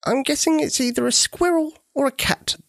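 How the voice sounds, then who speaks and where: A man's voice: very high voice, moderate pace, vocal fry, fairly bright tone, dry recording, clean studio sound, pitched above the performer's own voice, heavily acted. A man voicing a sweet, easygoing older woman with a folksy drawl in a children's storybook. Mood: amused.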